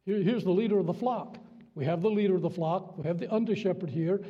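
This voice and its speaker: A man's voice: high-pitched, fast talker. A man in his seventies from Virginia, preaching a sermon in a church in a folksy, joking, emphatic way. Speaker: guest preacher. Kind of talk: sermon with jokes. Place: church sanctuary. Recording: dull sound with long church reverb.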